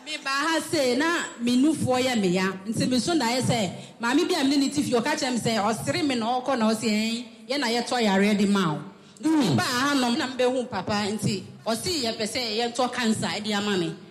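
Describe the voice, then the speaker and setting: A woman's voice: fairly high pitch, a little fast. A woman giving an earnest church testimony, affirming the host's questions with short replies. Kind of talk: spoken testimony. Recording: reverberant hall with clear background noise.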